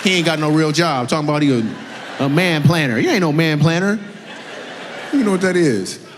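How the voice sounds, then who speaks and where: Male comedian for crowd work, lively swooping delivery, teasing and laughing, live hall with faint ambience. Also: a little high, normal speed, slight background noise. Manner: animated, teasing, laughs often.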